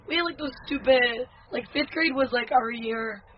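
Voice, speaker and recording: High-voiced giggly woman podcast co-host. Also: normal speed, slight background noise. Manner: giggly, blunt, swears freely. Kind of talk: casual chat. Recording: dull lo-fi podcast audio.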